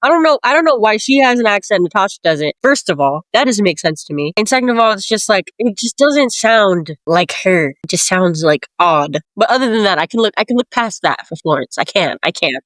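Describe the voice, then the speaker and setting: A young adult podcast co-host chatting casually, teasing the others and asking quick questions. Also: mid-range voice, expressive, a bit bright, no room sound. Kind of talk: casual chat.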